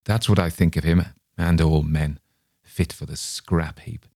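A man's voice: very deep voice, fairly even intonation, measured pace, darkish tone, no room sound, studio quality. A man voicing a bitter young woman who scorns all men.

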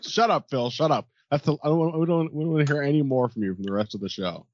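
A man's voice: a little high, animated, very fast, muffled recording, background noise. A man co-hosting a podcast in casual banter, cracking puns and laughing at his own jokes. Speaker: podcast co-host.

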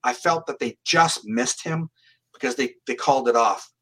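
A man's voice: mid-range voice, normal speed, fairly bright tone, breathy edge, rough recording. A man from Canada, a psychic medium guest in an interview, telling his stories in an earnest, plain-spoken way and often restarting his phrases. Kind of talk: storytelling in an interview.

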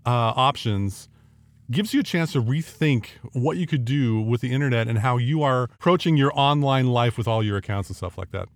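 A man's voice: mid-range voice, lively intonation, moderate pace, dry recording, clean studio sound. A man hosting a casual podcast, talking in a chatty, jokey, folksy way. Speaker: podcast host.

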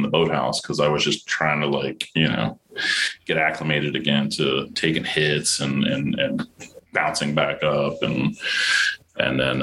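A man's voice: extremely low pitch, pushed and bright, a little hiss or hum, low-quality recording. A man in his thirties from Florida, an actor telling profane stories from film sets in a casual interview, acting out quotes in raised voices. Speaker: actor guest.

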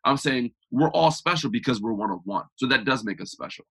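A man guest on a podcast interview, talking in an energetic, emphatic, motivational way. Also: mid-range voice, brisk, slightly rough. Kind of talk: conversational interview.

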